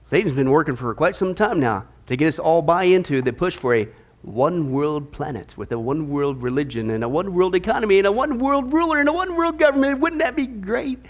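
A man pastor preaching a sermon in an animated, sarcastic way. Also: on the high side, a little fast.

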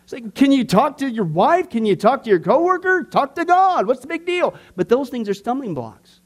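Man, middle-aged, church class teacher, conversational, keeps asking "right?", fairly high pitch. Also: big pitch swings, normal speed. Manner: conversational, peppered with "okay?" and "right?".

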